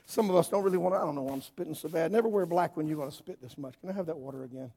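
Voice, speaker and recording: A man preaching a sermon in a church hall, swinging between yelling and quiet asides. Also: a little high, racing, hardly any pauses, husky. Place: church hall with worship band.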